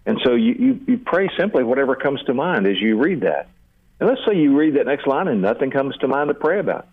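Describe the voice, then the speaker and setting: A man's voice: medium pitch, sing-song, fairly quick, no room sound, phone-quality sound. Older man teaching on prayer, phone-thin radio sound. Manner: earnest, repeats words when starting sentences. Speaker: seminary teacher and guest.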